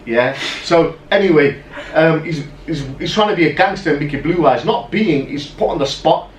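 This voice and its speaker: A man co-hosting a podcast, telling stories in casual, animated chat full of "right?" asides. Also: a little high, moderate pace, recorded from a distance. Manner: animated storyteller, lots of "right?" and "yeah?" asides. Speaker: podcast co-host. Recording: roomy echo, off-mic, faint noise.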